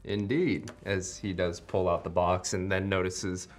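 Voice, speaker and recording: A man's voice: sits low, little pitch movement, measured pace. A man playing in a tabletop game, speaking in character in an easygoing way. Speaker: player. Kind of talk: in-character tabletop role-play.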